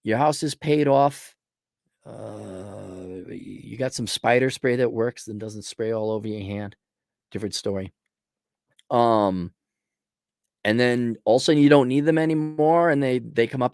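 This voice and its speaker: A man's voice: lowish voice, measured pace, creaky, no echo, clean studio sound. A man hosting a show, giving blunt, crude, sarcastic advice in a casual rant to a viewer. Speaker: host answering a viewer question.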